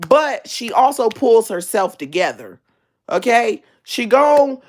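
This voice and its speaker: A woman hosting a casual gossip livestream from home, lying down, chatty and full of drawn-out ums. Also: a little high, sing-song. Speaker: livestream host.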